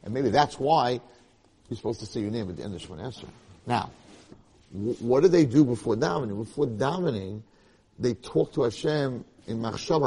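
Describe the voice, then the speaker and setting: A man giving a Torah lecture to a live audience, telling stories with animated, rising emphasis. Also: medium pitch, brisk, breathy edge. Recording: lecture hall with long reverb.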